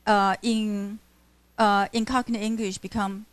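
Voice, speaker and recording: Halting woman lecturing. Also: mid-range voice, little pitch movement, no echo. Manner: halting, full of fillers and self-corrections. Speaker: literature teacher. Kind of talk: classroom lecture. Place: university classroom.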